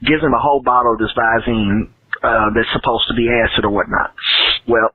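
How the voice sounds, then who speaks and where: A man's voice: medium pitch, steady tone, brisk, husky, no echo. A man calling in and telling a rambling, profane story on a voicemail. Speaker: caller. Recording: tinny phone-line voicemail.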